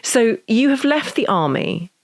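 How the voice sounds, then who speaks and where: A woman hosting a podcast interview, asking brisk, direct questions. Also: on the high side, big pitch swings, gravelly. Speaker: podcast host.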